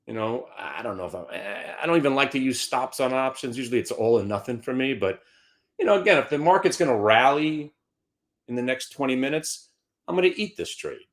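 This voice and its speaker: A man hosting a live stock trading show, brash and taunting, dropping to mutters and bursting into shouts. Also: medium pitch, expressive, fairly quick.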